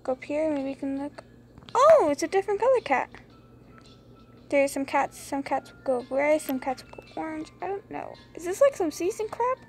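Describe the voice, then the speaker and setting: A young woman chatting through a mouse game late at night, rambling and giggly, keeping her voice low so others can sleep. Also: normal speed, few pauses, faint music behind. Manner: rambling, giggly, hushed to keep quiet. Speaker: gameplay streamer. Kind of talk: casual gameplay commentary. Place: bedroom at home late at night. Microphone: phone screen recorder.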